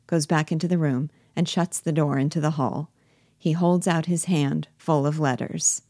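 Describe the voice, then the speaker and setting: A woman with a low voice reads stage directions aloud in an even, unhurried way. The sound is close and dry, with no room around it. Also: no echo. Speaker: reader, narrator.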